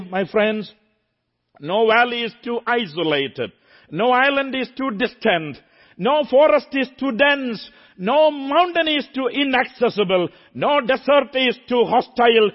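High-voiced emphatic preacher man. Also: muffled recording. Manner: emphatic, repetitive, swings from soft to loud. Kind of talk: sermon.

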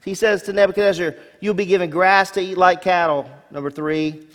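A man's voice: high-pitched, a little fast. A male pastor delivering a sermon, reading scripture aloud with rising emphasis and casual asides to the congregation. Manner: expressive preacher, rising emphasis on key words, asides to congregation. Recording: long hall reverb.

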